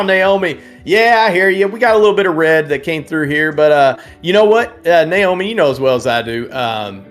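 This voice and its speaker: A man hosting a live trading stream, chatting casually as he reads out prices and viewers' names, laughing and sometimes singing names. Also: mid-range voice. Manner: chatty, reads prices and chat names, sing-song repeats of names, laughs often. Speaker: livestream trading host. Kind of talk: casual live market commentary.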